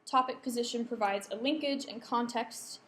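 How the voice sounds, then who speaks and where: A fairly high-voiced woman delivers a lecture to a room of students, often pausing to check in and poll her listeners. The recording is roomy and echoey, with a faint hum underneath. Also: fairly bright tone. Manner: checks in with the audience, polls the room. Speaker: workshop presenter.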